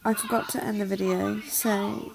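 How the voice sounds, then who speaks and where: A woman's voice: medium pitch, level tone, normal speed, gravelly. Young woman, late teens, new mum vlog, tired and a bit breathless, chatty, apologetic, filler ums. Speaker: new mother vlogger. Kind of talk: casual vlog chat. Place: bedroom at home.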